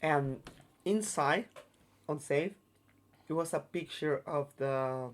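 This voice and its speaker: Man telling a story in halting English. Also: fairly high pitch. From Mexico. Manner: halting, broken English with many restarts and fillers. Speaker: guest, circus artist. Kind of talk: casual storytelling interview.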